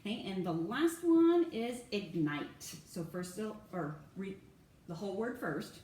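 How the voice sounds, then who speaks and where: A woman teaching a one-on-one phonics lesson, patient and encouraging, saying words out slowly and clearly. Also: mid-range voice, lively intonation, dark tone. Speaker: reading teacher. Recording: echoey room, far from mic, faint hum.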